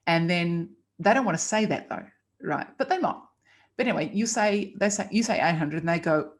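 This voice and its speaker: Low, gravelly-voiced woman coaching casually. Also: normal speed. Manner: acts out client phone dialogue as examples; chatty, emphatic coaching. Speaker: copywriting teacher. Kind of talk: casual instructional talk.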